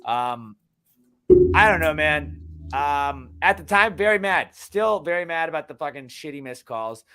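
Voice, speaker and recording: A man's voice: fairly high pitch, lively intonation, measured pace, slight background noise. A man ranting heatedly about football. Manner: heated, profane, swings from shouting to muttering. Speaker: podcast co-host. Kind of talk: casual sports podcast rant.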